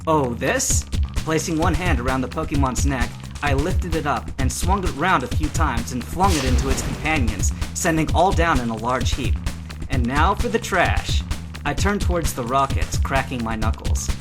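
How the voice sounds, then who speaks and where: A man giving a lively, expressive first-person reading of a fan fiction adventure. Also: medium pitch, moderate pace, hardly any pauses, over music.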